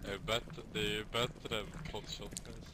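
A man from Sweden giving brisk, matter-of-fact team callouts over voice chat. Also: fairly low pitch, level tone, noisy background. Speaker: teammate on voice chat. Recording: voice chat with loud crowd behind.

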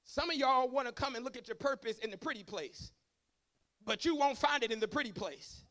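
High-voiced fervent male preacher. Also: animated, brisk. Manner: fervent, rising to shouting; chatty asides to the congregation. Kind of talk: sermon. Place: church service.

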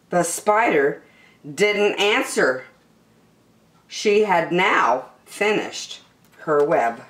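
A woman reading a picture book aloud to children in an animated, sing-song storytelling voice. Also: fairly low pitch, slow pace, roomy sound.

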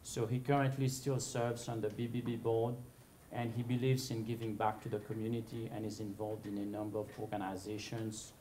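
A man introducing a guest speaker, reading out a prepared biography in a measured way. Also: lowish voice, little pitch movement, mellow, a little hiss or hum. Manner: reads a prepared bio in a measured way. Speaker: event host introducing the speaker. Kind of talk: formal introduction.

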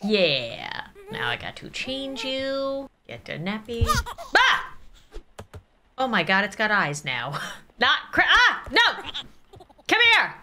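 A young woman gaming YouTuber giving excitable, giggly let's play commentary while talking to a baby character. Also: medium pitch, takes it slowly, background noise.

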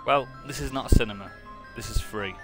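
A man's voice: medium pitch, fairly quick, over loud music. A man streaming a video game, talking in a dry, offhand and sweary way. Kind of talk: casual live-stream gameplay commentary.

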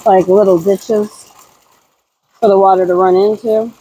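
A woman talking casually while doing farm chores outdoors around a barn, cooing at her animals in a high baby-talk voice. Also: fairly even intonation, unhurried, mellow, husky, rough recording. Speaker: homesteader vlogger. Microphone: handheld camera.

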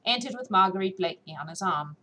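A woman narrating a classic novel audiobook in a measured, expressive reading. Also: mid-range voice, slight background noise, poor audio. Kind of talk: scripted narration.

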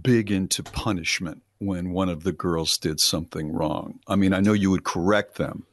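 A man's voice: low-pitched, normal speed, no echo, clean studio sound. A middle-aged man co-hosting a radio show, chatting casually and rambling in a self-deprecating way with frequent restarts. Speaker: radio co-host. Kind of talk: casual morning-show banter.

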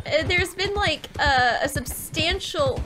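High-voiced woman doing gaming commentary. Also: lively intonation, slow pace, background noise. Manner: emotional, swears a lot, chats to viewers. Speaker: gaming streamer. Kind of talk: casual let's-play commentary. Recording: game music behind voice.

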